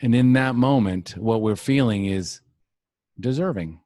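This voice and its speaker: Slow, earnest man on a podcast. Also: mid-range voice, warm tone, dry recording. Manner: earnest, reflective, speaks in mini-lectures. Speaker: podcast host. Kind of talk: recovery podcast conversation.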